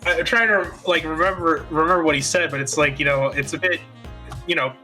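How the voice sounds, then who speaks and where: A man's voice: fairly high pitch, steady tone, brisk, pushed and bright, soft background music. A man co-hosting a casual podcast, hesitant and often restarting his sentences. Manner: hesitant, restarts and searches for words. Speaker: podcast co-host.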